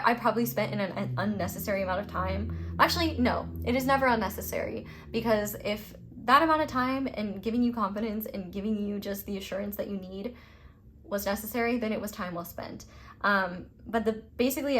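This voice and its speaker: A woman's voice: medium pitch, fairly bright tone. Chatty young woman reading tarot. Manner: gushing, rambling, with frequent "like" and some swearing. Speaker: tarot reader. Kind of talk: casual pick-a-card reading.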